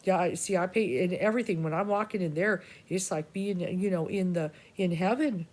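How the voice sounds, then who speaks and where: A woman's voice: on the low side, moderate pace, a little mellow. A woman psychic reader talking to her viewers in a rambling personal monologue, casual, swearing freely and restarting her sentences often. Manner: scattered, full of restarts and asides.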